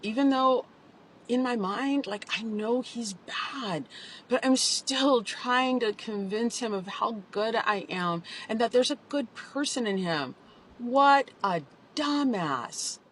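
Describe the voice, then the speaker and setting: A woman's voice: a little high, lively intonation, slow pace, a bit bright, a little hiss or hum, low-quality recording. A woman telling her own story in a candid vlog, emotional and confessional, with lots of "like".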